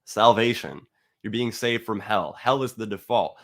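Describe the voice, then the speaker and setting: A man giving a heated, profane monologue to his viewers, blunt and argumentative, sometimes reading a passage aloud slowly. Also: on the low side. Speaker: atheist video host. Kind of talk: ranting monologue to camera.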